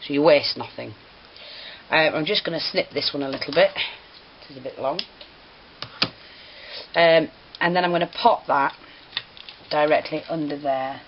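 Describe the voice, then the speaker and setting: A woman with a notably low voice talks through a hands-on craft tutorial. Her manner is chatty and apologetic, and she is easily set off giggling. The recording is a little dull, with a faint hiss underneath. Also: normal speed, long pauses. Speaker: craft teacher.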